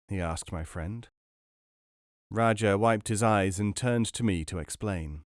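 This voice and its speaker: A man narrating a book aloud in a measured, expressive storytelling manner. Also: on the low side, no echo, studio quality. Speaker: podcast narrator. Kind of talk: audiobook reading.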